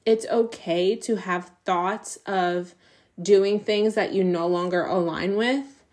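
A woman's voice: medium pitch, steady tone, takes it slowly, darkish tone. A woman hosting her own podcast, talking in a chatty, confessional way, laughing often and swearing freely. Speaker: podcast host. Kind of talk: casual solo podcast monologue.

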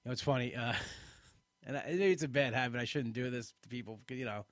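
Here a podcast host talks quickly at medium pitch, sounding worn out and yawning during a relaxed live chat. He rambles, pokes fun at himself, and often starts over. The audio is studio quality with no echo.

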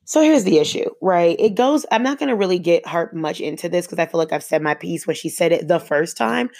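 A young woman with a low voice talks through her opinions on a solo podcast. She sounds emphatic and conversational, building her points with rhetorical questions and firm stresses. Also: darkish tone. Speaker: podcast host.

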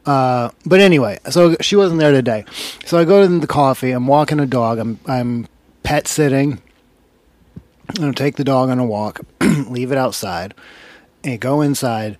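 A man's voice: mid-range voice, moderate pace, darkish tone, dry recording. A man co-hosting a casual comedy podcast, telling a story as a profane rant. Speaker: podcast co-host.

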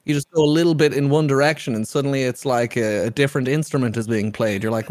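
A man's voice: mid-range voice, steady tone, fast talker, darkish tone, dry recording. A man hosting a podcast, chatting casually, joking and swearing, often restarting his sentences. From Ireland. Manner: joking, swears freely, stumbles over restarts. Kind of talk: casual chat.

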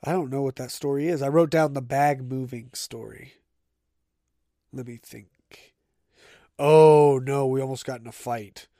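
A man's voice: medium pitch, fairly even intonation, a little slow, long pauses, warm tone, no room sound, clean studio sound. A man hosting a casual solo podcast, telling stories in a chatty, conversational way. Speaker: podcast host.

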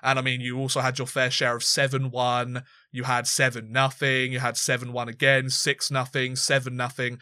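A man's voice: mid-range voice, monotone, normal speed, few pauses, bright, forceful tone, clean tone, no room sound. A man co-hosting a sports podcast, chatting casually and rambling, with frequent restarts and fillers. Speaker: podcast co-host.

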